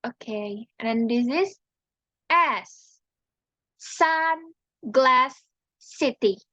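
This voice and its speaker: Slow, halting young woman student. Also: high voice, lively intonation, bright, forceful tone, no echo, dull audio. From Indonesia. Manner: slow, halting, repeats each sound and example word. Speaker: student presenter. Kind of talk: class presentation on pronunciation.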